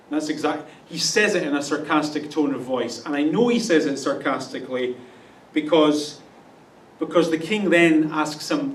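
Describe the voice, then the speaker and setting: A man's voice: on the high side, moderate pace, a little hiss or hum. A man with a Canadian accent preaching a sermon in a conversational way, often putting questions to the congregation. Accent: Canadian English. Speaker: pastor. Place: church sanctuary. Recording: roomy church sound from a distance.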